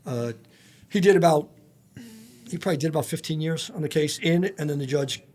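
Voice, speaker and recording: A man who once worked as a federal agent guests on a podcast, spinning profane, frank tales laced with quoted speech in an easygoing interview. His voice is on the high side, brisk, with a darkish tone.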